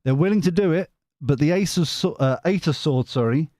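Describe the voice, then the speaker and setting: A man chats his way through a live tarot reading, rambling and poking fun at himself. His pitch swings up and down a lot and sits a touch high. The sound is close and dry. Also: animated, a little fast, dark tone, no echo. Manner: chatty, rambling, self-mocking. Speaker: tarot reader. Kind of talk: live-stream reading, casual chat.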